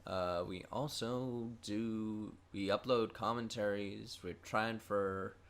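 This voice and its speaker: A man's voice: on the low side, steady tone, slow pace. A man co-hosting a casual podcast, talking loosely with fillers and restarts. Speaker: podcast co-host. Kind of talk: casual chat.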